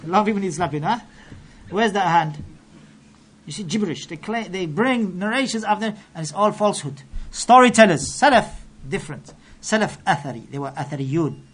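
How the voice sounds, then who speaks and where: Fast, emphatic preacher man. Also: high-pitched, animated, a bit bright, breathy edge. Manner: emphatic, rhetorical questions, quotes Arabic scripture rapidly. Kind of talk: sermon.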